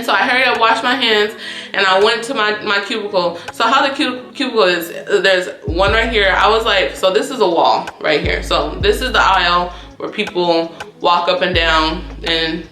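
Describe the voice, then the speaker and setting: Animated young woman telling a story. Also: moderate pace, echoey room, soft background music. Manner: animated, profane, acts out quoted dialogue with big pitch jumps. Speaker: YouTube storyteller. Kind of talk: casual storytime vlog.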